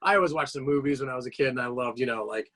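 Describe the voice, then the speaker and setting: A man at a middle pitch tells a long story as a podcast guest, piling on "like" and "and then" as he goes. His voice rises and falls as he talks, on a podcast microphone. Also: rapid-fire. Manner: animated rambling anecdotes with frequent fillers. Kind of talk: casual storytelling chat.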